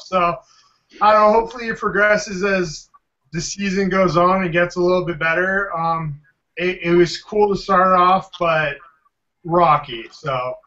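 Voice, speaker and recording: A man's voice: sits high, bright, forceful tone. A man hosting a casual podcast panel, rambling with lots of "um" fillers. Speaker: podcast host. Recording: dull lo-fi sound.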